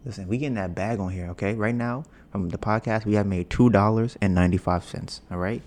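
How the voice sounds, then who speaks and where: Low-voiced man rambling on his podcast. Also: a little fast, darkish tone, slight background noise. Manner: rambling, joking, boastful about his smooth voice. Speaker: podcast host. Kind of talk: casual podcast chat. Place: home, storm outside. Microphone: podcast mic with headphones.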